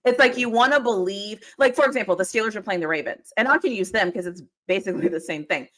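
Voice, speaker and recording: A woman's voice: medium pitch, quick pace, a bit bright. A woman co-hosting a casual football talk stream, rambling and laughing often as she talks over a video call. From Pittsburgh area. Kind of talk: casual chat. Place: home, live stream call.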